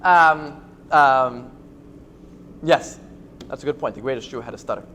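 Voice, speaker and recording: A man, a rabbi, teaching an informal Torah class, talking in a halting way with many fillers and restarts and joking along the way. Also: medium pitch, sharp tone, slight background noise.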